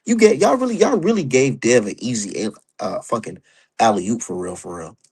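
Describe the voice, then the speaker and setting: Gravelly husky dude going off on his boxing stream, mocking and cussing. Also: mid-range voice, animated, normal speed, darkish tone. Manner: heated, profane, mocking. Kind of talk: opinionated casual rant.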